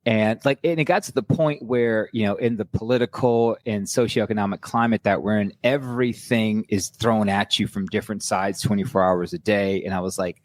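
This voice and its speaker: A man's voice: on the low side, normal speed, no echo. A middle-aged man, a personal trainer guest, talking candidly in a casual podcast chat, rambling with restarts.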